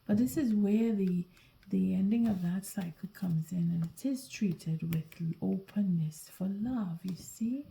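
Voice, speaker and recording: A woman giving a whispered tarot reading late at night, sleepy and yawning, talking in a soft, halting whisper with frequent restarts. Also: mid-range voice, vocal fry, a little hiss or hum, rough recording. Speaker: tarot reader.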